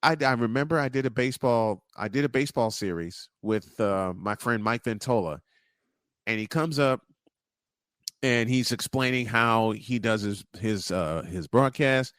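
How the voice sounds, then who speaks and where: A man's voice: medium pitch, normal speed, a bit bright, dry recording, clean studio sound. A man hosting a casual podcast interview, telling stories with animation, laughing easily and tripping over his words. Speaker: podcast host.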